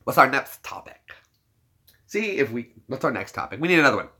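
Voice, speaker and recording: A man's voice: medium pitch, very animated, a little fast, bright, forceful tone. A young American man hosting a casual livestream chat, joking around, playing with words and laughing often. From United States. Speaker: livestream host.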